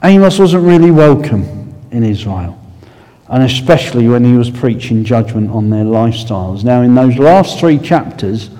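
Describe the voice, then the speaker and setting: Preacher, male, Essex accent, mellow low-key sermon delivery, long hall reverb. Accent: Essex English. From Essex, England. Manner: unhurried, conversational, with fillers and asides. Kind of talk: sermon with prayer.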